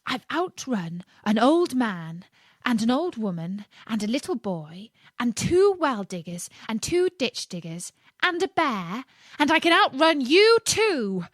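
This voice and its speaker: A woman voicing a cheeky, bragging little gingerbread man in a storybook reading, loud and singsong. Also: on the high side, big pitch swings, measured pace, no echo, studio quality, pitched above the performer's own voice. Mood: boastful.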